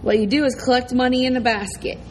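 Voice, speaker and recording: A woman's voice: a little high, fairly even intonation, fast, darkish tone, a little hiss or hum, voice pushed up, natural voice, poor audio. A woman reading the lines of a controlling ex-convict man turned preacher, in a commanding drawl with a mocking edge. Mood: coaxing.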